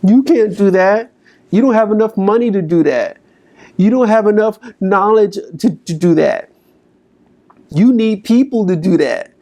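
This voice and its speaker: A man's voice: high-pitched, animated, unhurried, warm tone, voice pushed up. A man voicing the taunting inner voice of self-doubt, raised and scornful. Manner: taunting and dismissive.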